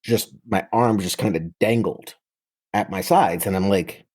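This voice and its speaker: Husky low-voiced man in his thirties. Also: a little slow, a little mellow. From New York City. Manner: vivid, frequent restarts and self-corrections. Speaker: military veteran guest. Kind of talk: casual personal storytelling.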